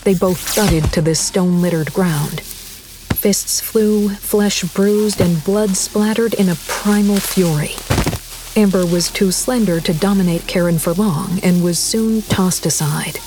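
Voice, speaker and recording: A woman reading a horror audiobook in a measured, deliberate storytelling voice. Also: fairly low pitch, background noise. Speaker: narrator. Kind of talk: scripted horror audiobook narration.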